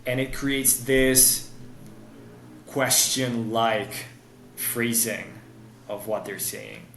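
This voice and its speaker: A man's voice: mid-range voice, fairly even intonation, very slow, gravelly, fairly bright tone, echoey room, a little hiss or hum. A man explaining dating advice on a podcast in a coaching tone. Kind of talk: podcast conversation.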